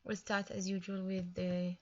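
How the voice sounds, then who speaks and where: A woman's voice: mid-range voice, monotone, measured pace, muffled recording. A woman teaching a recorded English grammar lesson, explaining patiently step by step with small fillers.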